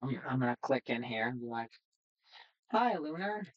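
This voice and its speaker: A woman's voice: very deep voice, monotone, quick pace, muffled recording. A woman streaming casually, chatting in a rambling way with lots of fillers while she tests her setup. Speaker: streamer and developer. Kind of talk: casual livestream chat.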